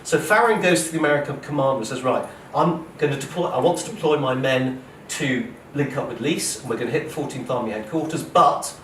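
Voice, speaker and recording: A man tells his story to an audience as an author's talk, acting out the quoted lines with dramatic flair. His voice of middling pitch carries from some way off the mic. It echoes through a roomy lecture hall over a faint hum of noise. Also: fairly quick, few pauses, a bit bright, recorded from a distance. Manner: dramatic, acts out quoted speech, frequent "okay?" and "right?". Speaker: author giving a public talk.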